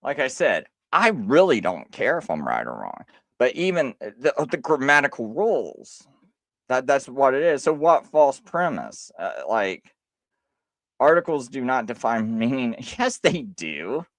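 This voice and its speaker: A man hosting a live stream, talking casually and insistently, with halting restarts as he argues a point. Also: medium pitch, big pitch swings, dry recording, studio quality.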